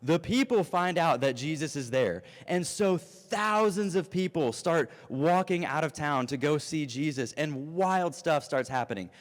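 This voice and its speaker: A man in his thirties preaching an animated, storytelling youth sermon. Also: a little high, a little slow, few pauses. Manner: animated storytelling, acts out voices. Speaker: youth pastor. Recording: long reverb of a hall.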